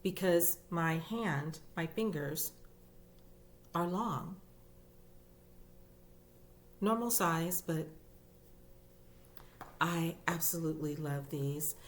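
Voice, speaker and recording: A woman talks through her crochet projects in a casual vlog, chatty and gushing as she goes. Her voice sits on the low side and her pace is slow and unhurried. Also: a little hiss or hum. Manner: chatty and gushing, with fillers and repeats. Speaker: crochet YouTuber. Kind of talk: casual show-and-tell vlog.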